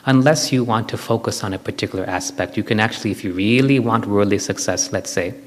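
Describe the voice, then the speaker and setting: A man's voice: on the low side, fast talker. Man lecturing in a reverberant hall. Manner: explains step by step with everyday examples. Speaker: spiritual speaker. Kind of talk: spiritual lecture to an audience. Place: hall with an audience.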